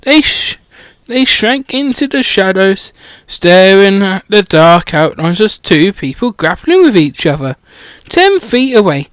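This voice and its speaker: A man's voice: high-pitched, sing-song, a little slow, few pauses, fairly bright tone, clear, resonant tone, dry recording. A man reading a comedic parody audiobook through a headset mic, irreverent and swearing, often stumbling over words. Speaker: audiobook reader.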